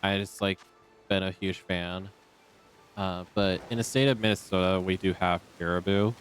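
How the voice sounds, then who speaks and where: Deep and steady, this man's voice moves at a moderate pace while he chats loosely during a game stream, filling gaps with ums into a desk microphone. There's slight background noise along with faint game music.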